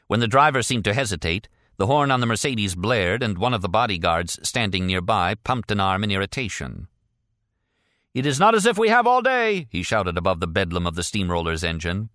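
A man reading a thriller audiobook in a measured, expressive storytelling voice. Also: sits low, dry recording, studio quality. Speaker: audiobook narrator. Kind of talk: scripted narration.

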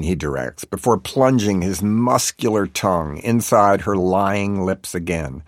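A man narrating an audiobook chapter with a wry, deadpan delivery. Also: low voice, a little slow, hardly any pauses, dry recording, studio quality.

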